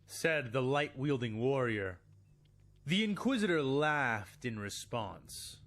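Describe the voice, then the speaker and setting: A man narrating a fan-made sci-fi story in a dramatic, expressive storytelling manner. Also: medium pitch, slow. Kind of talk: scripted narration of fan fiction.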